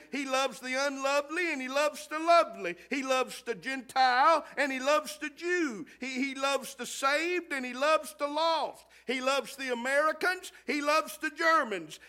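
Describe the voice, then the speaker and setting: A man delivers a sermon, his voice sitting very high and bright. He speaks slowly, repeating phrases and asking "Amen?" in call-and-response fashion. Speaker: preacher.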